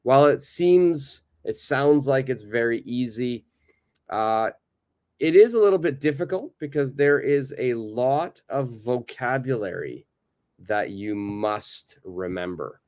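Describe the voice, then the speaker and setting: A North American man teaching English in a live online lesson. He speaks slowly and patiently, with a mid-range voice, and says phrases over and over for learners to repeat. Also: medium pitch, animated, a little mellow.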